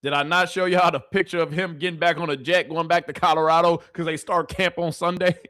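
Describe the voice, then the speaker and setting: A man's voice: fairly high pitch, flat delivery, brisk, a bit bright, dry recording, studio quality. A man giving casual sports reaction commentary, incredulous and heated, swearing freely as he argues back at a clip.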